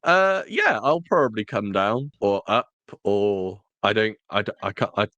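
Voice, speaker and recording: Male podcast co-host, casual and self-correcting; low-pitched voice, dry recording. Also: lively intonation, unhurried, fairly bright tone, no room sound. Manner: rambling, self-correcting, jokey. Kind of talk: casual chat.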